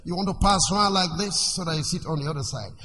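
A male preacher giving a sermon in an animated way. He asks the congregation questions and lets them finish his sentences. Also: high voice, fast. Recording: echoey hall with faint noise.

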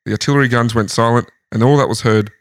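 A man's voice: medium pitch, fairly even intonation, quick pace, no room sound. A man host casually telling a history story in a lounge room, laughing often. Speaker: podcast host.

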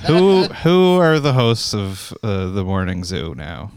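A man from Saint John, New Brunswick, co-hosting a podcast and riffing wry dark jokes in casual banter. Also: on the low side, sing-song, takes it slowly, smooth, no echo, clean studio sound. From Saint John, New Brunswick, Canada. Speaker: podcast co-host.

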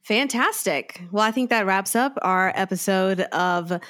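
A woman's voice: medium pitch, measured pace, fairly bright tone. A woman hosting a casual podcast chat, upbeat and chatty. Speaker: podcast host.

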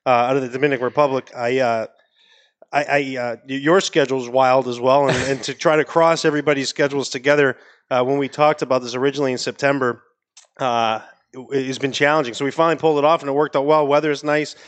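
A man's voice: medium pitch, steady tone, quick pace. A man from Maine with a New England accent, a guest on a podcast in a studio, easygoing and rambling with many restarts. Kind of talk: casual podcast chat.

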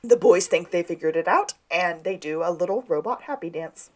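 A woman co-hosting a casual podcast, walking through an episode in a relaxed, chatty way. Her voice sits on the low side, and she slips into quoted lines as she goes. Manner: chatty, quick to laugh, acts out quotes. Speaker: podcast co-host. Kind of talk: casual recap chat.

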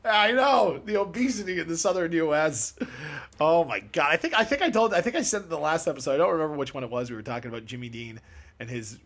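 A fast-talking man with a highish voice co-hosts a laid-back podcast on music history. Animated and full of laughter, he drifts into rambling asides, and he has neck and shoulder pain.

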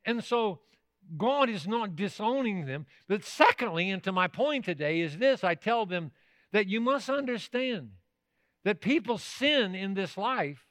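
A pastor preaches an emphatic sermon, repeatedly asking the congregation whether they're still with him. His high-pitched voice is expressive, a bit bright and measured in pace, with no echo.

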